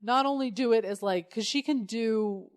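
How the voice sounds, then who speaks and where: A woman's voice: a little high, moderate pace. Give me a woman in frank, sweary podcast chat. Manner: frank, emphatic, swears freely. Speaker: podcast co-host. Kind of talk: casual chat.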